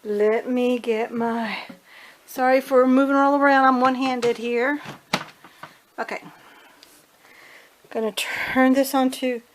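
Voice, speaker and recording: A woman's voice: sits high, steady tone, takes it slowly, pauses often, slight background noise, rough recording. A woman chatting casually through a home cooking how-to, homey and loose, often correcting herself as she goes, recorded at home. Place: home kitchen and dining room.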